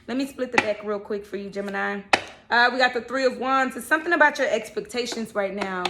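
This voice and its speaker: A woman's voice: fairly high pitch, fast talker, very noisy. A woman giving a casual, chatty tarot reading, often checking in with "okay" and "all right". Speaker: tarot reader.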